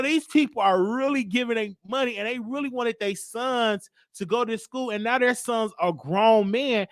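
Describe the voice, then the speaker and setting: A man hosting a show, telling a comic story in a lively, joking monologue. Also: no room sound, clean studio sound. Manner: animated storytelling, jumping into high voices for others. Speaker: host. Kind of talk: comedic monologue.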